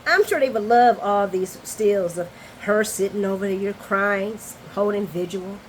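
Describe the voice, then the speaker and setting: A woman hosting a casual soap opera recap, chatty, expressive and candid. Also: mid-range voice, measured pace, slight background noise, poor audio.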